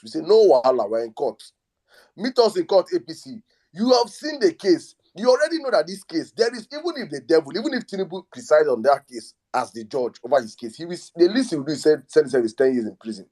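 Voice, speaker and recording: A man's voice: medium pitch, darkish tone. A Nigerian man hosting a live audio talk space, giving a fiery, mocking political speech with bits of pidgin.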